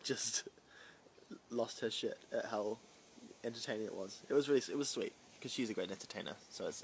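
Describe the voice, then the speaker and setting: Speaking with a lowish voice and vocal fry, a young man, a drag performer, casually responds to live comments from fans on his stream, rambling with lots of fillers and asides. It's a low-quality recording with slight background noise.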